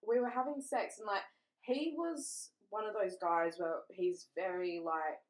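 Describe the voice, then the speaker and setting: A woman's voice: mid-range voice, fairly even intonation, a little slow. A young woman, telling a crude, rambling story in casual chat, full of fillers. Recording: roomy echo.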